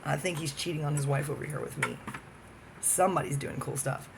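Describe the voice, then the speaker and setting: Gravelly man ranting in a profane monologue. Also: fairly high pitch, a little fast, background noise. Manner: profane, jumping from topic to topic. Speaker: vlogger. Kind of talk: rambling solo monologue.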